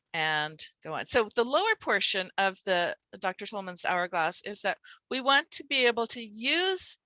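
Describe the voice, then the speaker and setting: Bright, emphatic woman presenter. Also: a little high, no echo. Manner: emphatic, rhetorical questions. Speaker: literacy workshop presenter. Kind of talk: teacher workshop talk.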